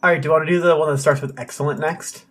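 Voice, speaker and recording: A man in casual podcast chat about game lore, with a voice pitched a bit higher than most men's. He talks in a laid-back, easygoing way and teases his co-host. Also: fairly even intonation, very fast, fairly bright tone.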